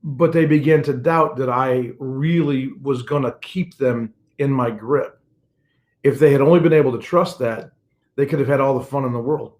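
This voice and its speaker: A man's voice: mid-range voice, fairly even intonation, normal speed, a little mellow. An older man gives a morning devotional as a pastor. His delivery is earnest and personal, and he circles back over key phrases for emphasis. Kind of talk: devotional sermon message.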